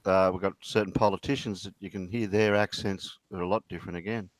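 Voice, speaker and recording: An older man with an Australian accent talks in an easy, casual way. His voice sits on the low side and fades away at the ends of his thoughts. The sound is dry and close. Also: fairly even intonation, quick pace, dry recording, low-quality recording. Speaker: guest. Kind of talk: casual chat.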